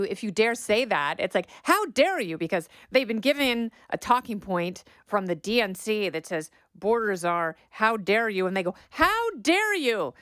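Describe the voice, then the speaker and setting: A middle-aged woman hosts a political podcast, delivering opinionated commentary with a sarcastic bite. Her voice is smooth and crisp, recorded close and dry in a studio with no room sound. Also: medium pitch, no room sound. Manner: sarcastic, mocks quoted talking points in exaggerated voices. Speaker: podcast host.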